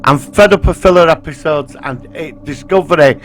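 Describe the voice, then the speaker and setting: A man, co-hosting a casual podcast chat, blunt and opinionated and quick to swear. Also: a little high. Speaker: podcast co-host.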